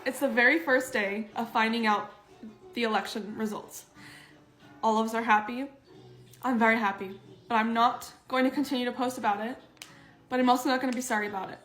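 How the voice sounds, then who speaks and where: A woman's voice: fairly high pitch, fairly even intonation, brisk, long pauses, fairly bright tone, roomy sound, faint music behind. A woman making an emotional video post, fighting back tears. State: near tears.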